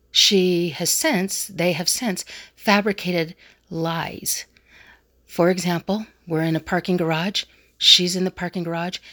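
A woman's voice: fairly low pitch, vocal fry, fairly bright tone. A middle-aged woman vlogger animatedly retelling a personal story.

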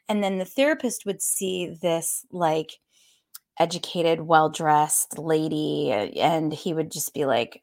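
Candid woman fitness instructor, lowish voice. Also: unhurried. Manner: warm, candid, addresses listeners directly as y'all; laughs between points, conversational. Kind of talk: motivational talk to fitness professionals.

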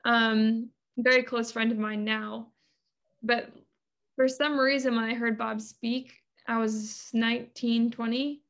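Gravelly higher-voiced woman, earnest storyteller. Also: level tone, slow pace, a bit bright. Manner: earnest, chatty storytelling with many fillers. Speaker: podcast guest. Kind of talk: casual interview talk.

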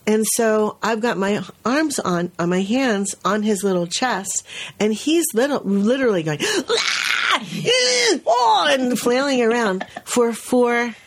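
Animated woman telling a teaching story. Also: mid-range voice, measured pace. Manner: animated, acts out the quoted voices of others; frequent restarts and "you know" fillers. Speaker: preschool teacher and podcast co-host. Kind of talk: casual conversational storytelling.

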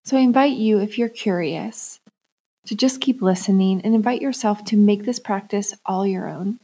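Woman, young adult, podcast host, soft and calm, mellow warm voice, middle pitch, reflective monologue. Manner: soft, calm, unhurried, storytelling about her mornings. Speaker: podcast host, self-love coach.

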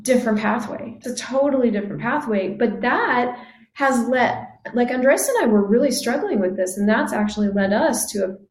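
A woman's voice: a little high, moderate pace, a little mellow, echoey room. A woman in casual conversation, speaking earnestly and reflectively, often acting out quoted dialogue.

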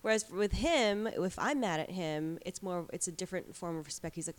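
Chatty woman in her thirties, lowish voice. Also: fairly quick. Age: 30s. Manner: chatty storyteller, many likes and you-knows. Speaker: guest. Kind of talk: casual chat.

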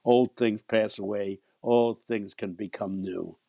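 This octogenarian preacher's voice is lowish, steady, creaky and dark, a little slow, with no room sound. As he tells a personal anecdote, he stammers and repeats himself, chuckling as he goes.

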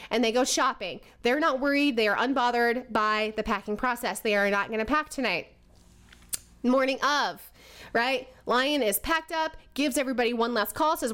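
A woman explaining personality types through a lively, animated story. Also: a little high, moderate pace. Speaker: presenter.

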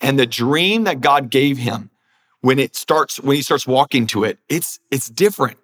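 A man talking as a guest pastor, with an earnest, preacherly way of speaking and a middle-pitched voice. He sometimes acts out what people think to themselves, and he leans into his points with conviction. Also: moderate pace, fairly bright tone. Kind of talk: conversational preaching.

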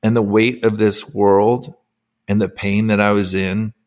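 His voice fairly low, level, and a little mellow, a man in his forties tells his personal story at a measured pace. As an interview guest, this ex-athlete turned coach is candid and emotional, with many fillers.

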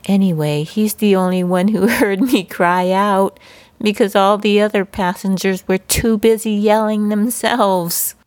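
A woman's voice: medium pitch, measured pace, no room sound. A woman host and life coach telling a personal story, laughing now and then and acting out the moments. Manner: warm laughing storyteller, animated retelling.

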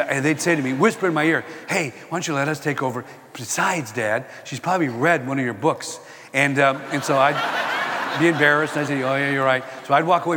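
An older man giving a sermon-style talk, telling personal stories and quoting scripture in an animated way. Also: medium pitch, big-room sound. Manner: animated storytelling, quoting scripture and acting out exchanges. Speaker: Christian speaker.

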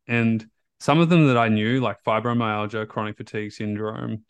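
A man hosting a podcast, telling a story in a casual, animated way, with many repeats and restarts as he acts out back-and-forth conversations in his own voice. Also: on the low side, moderate pace, clear, resonant tone, dry recording. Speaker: podcast host and recovery coach.

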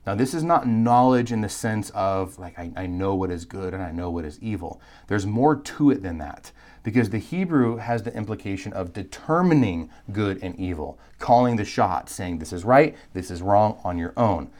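Lively male Bible lecturer, low voice. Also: normal speed. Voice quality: animated, emphatic, conversational with asides and restarts. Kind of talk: live recorded lecture.

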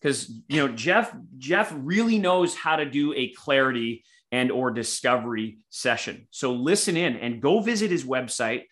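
A man's voice: mid-range voice, lively intonation, normal speed, hardly any pauses, fairly bright tone. A man co-hosting a sales podcast, talking emphatically in a coaching way and addressing his listeners directly. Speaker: podcast co-host, sales mentor. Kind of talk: podcast conversation.

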